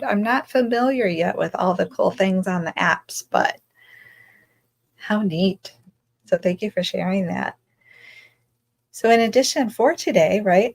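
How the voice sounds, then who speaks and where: A woman's voice: mid-range voice, rough recording. A woman hosting a casual self-care livestream, bubbly and effusive as she greets viewers and reads their comments aloud.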